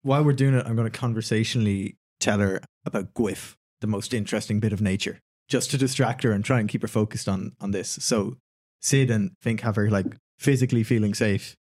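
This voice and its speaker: Fast-talking joking man playing a tabletop game. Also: fairly low pitch, fairly even intonation, a little mellow. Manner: joking, self-deprecating banter. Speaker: player. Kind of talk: casual tabletop play.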